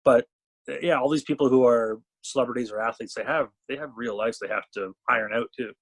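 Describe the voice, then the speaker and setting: A man from Canada, a talent management CEO, chatting as a podcast guest and telling animated stories where he acts out what people said. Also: mid-range voice, brisk. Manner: animated storyteller, acts out quotes. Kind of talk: casual storytelling chat.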